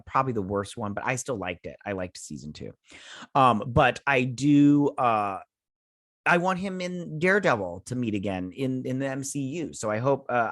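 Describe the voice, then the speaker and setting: A man hosts a casual episode review, rambling through the plot with lots of fillers and restarts. His medium-pitched voice is fairly bright, recorded at studio quality with no room sound.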